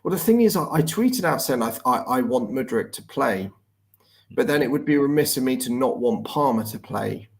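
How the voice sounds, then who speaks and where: A man's voice: medium pitch, expressive, normal speed, creaky. A man co-hosting a casual football chat on a live stream, conversational and often repeating words as he starts a thought.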